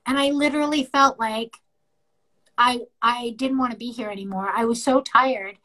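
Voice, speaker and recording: A woman's voice: fairly high pitch, fairly even intonation, moderate pace, pushed and bright, low-quality recording. A middle-aged woman from Canada co-hosting a podcast, telling a personal story candidly with lots of quoted dialogue. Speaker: podcast co-host. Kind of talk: casual chat.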